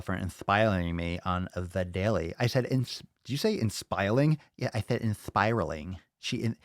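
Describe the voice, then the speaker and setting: A man's voice: medium pitch, no room sound, studio quality. Rowdy, profane fitness streamer man. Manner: loud, joking, profane, rambling. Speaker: fitness podcast host. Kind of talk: casual live-stream chat.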